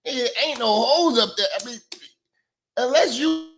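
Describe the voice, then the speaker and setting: A man's voice: very high-pitched, a little slow. Blunt, rambling male commentator. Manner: blunt, profane, rambling with many fillers. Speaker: commentary show host. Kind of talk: casual opinion commentary.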